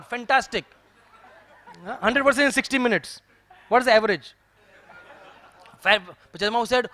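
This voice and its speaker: High-voiced preacher telling a story. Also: male voice, fairly quick, long pauses. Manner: lively storytelling, chuckling, conversational. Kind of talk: sermon. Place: temple hall.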